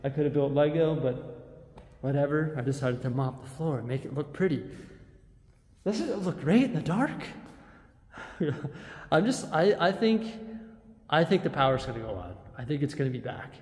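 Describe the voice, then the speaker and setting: A man with a slightly high voice vlogs into a handheld camera, rambling and exasperated as he talks straight to the lens. His voice rings with a long reverb tail, as in a big empty room. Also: lively intonation, moderate pace, long pauses, darkish tone. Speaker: vlogger. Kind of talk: casual vlog. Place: empty building with reverb, later a big store.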